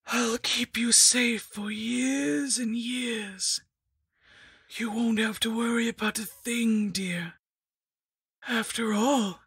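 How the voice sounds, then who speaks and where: A crooning old lich hag. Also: female voice, a little high, dry recording, studio quality, voice pushed up, heavily acted. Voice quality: breathy, husky whisper. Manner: cooing, slow, crooning. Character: sweetly menacing old female lich hag.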